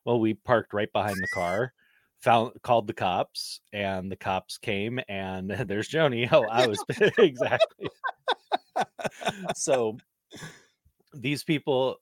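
Lower-voiced man in dry casual chat. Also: slow pace, pauses often, dry recording. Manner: animated, laughing storytelling. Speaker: podcast co-host.

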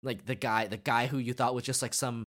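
A podcast co-host in casual chat, retelling scenes excitedly with lots of fillers and restarts. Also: mid-range voice, a little fast.

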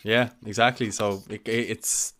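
A man's voice: fairly low pitch, fairly even intonation, a little slow, bright, forceful tone. A man in casual podcast chat, telling gossipy stories and chuckling along.

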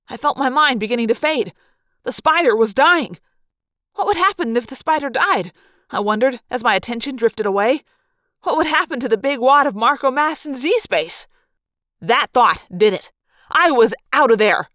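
A woman reading a fan audiobook aloud with expressive storytelling. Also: sits high, normal speed, no room sound, clean studio sound. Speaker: reader.

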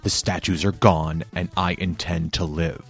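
A man's voice: sits low, little pitch movement, a little slow, gravelly, soft background music. A man voicing a grim, vengeful young male hero who speaks in an icy, clipped, menacing way.

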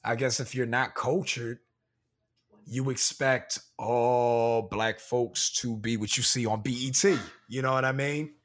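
A man's voice: mid-range voice, fairly even intonation, unhurried, fairly bright tone. A young man co-hosting a podcast, talking in an earnest, frustrated way about being stereotyped, with careful, proper-sounding speech. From Pennsylvania, USA. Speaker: podcast co-host. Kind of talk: casual podcast chat.

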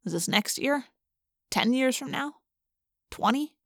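A woman's voice: sits high, animated, measured pace, creaky, dry recording, pitched above the performer's own voice, heavily acted. A woman reading aloud voices a wisecracking teenage boy with a dry, sarcastic manner. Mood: worried.

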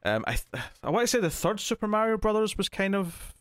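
A man's voice: high voice, sing-song, fairly quick, fairly bright tone, no room sound, studio quality. A man co-hosting a movie podcast, chatting casually and animatedly, laughing often and restarting his sentences. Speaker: podcast co-host. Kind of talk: casual movie review chat.

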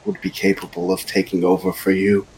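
An earnest interrogator who is a god, played by a man in an improv comedy role-play. He asks calm, probing questions in a fairly low voice, over faint background noise. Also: a little fast, gravelly, heavily acted, low-quality recording.

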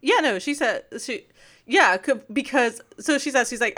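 A woman's voice: high voice, animated, moderate pace, a bit bright. A woman co-hosting a podcast who eagerly jumps in, adds details and corrects the recap in casual chat. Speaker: podcast co-host.

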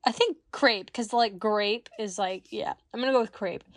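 A woman's voice: medium pitch, normal speed, no echo, clean studio sound. A woman from Kansas co-hosting a podcast, casually reading word origins, swearing freely, giggling and stumbling over words. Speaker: podcast co-host. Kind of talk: casual chat, reading etymology notes.

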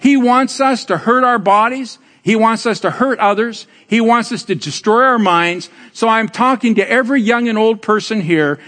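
An older male pastor with a high voice tells stories from the pulpit and ribs his flock. He builds to loud, emphatic points. His sermon rings with the long reverb of a church hall. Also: moderate pace, few pauses. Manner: storytelling, teasing the congregation; emphatic preaching with rising exclamations. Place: church sanctuary.

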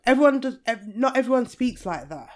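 A woman with an English accent, co-hosting a casual podcast chat and telling animated stories with frequent laughter. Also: a little high, brisk. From England. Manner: animated storytelling, laughs often. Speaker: podcast co-host.

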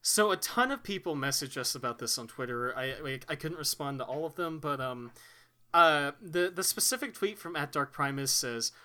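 A young man from Texas co-hosting a casual comedy podcast, rambling and joking and quick to laugh. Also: a little high, lively intonation, pushed and bright. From Texas, United States. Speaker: podcast co-host.

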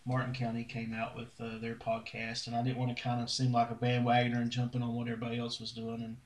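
A man hosting a casual podcast chat, relaxed and drawling with lots of fillers. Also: mid-range voice, quick pace, far from the mic. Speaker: podcast host. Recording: echoey room.

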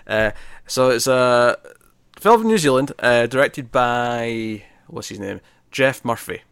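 A man's voice: mid-range voice, expressive, slow, gravelly, a bit bright, clear, resonant tone, no echo, clean studio sound. A man co-hosting a casual movie review podcast, rambling and correcting himself, often laughing. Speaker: podcast co-host.

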